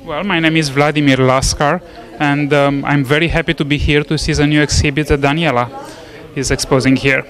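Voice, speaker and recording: A man visiting an exhibition answers interview questions in a measured, polite, thoughtful way. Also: a little high, fairly even intonation, a bit bright. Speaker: guest at an exhibition. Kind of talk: casual interview. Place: art gallery opening.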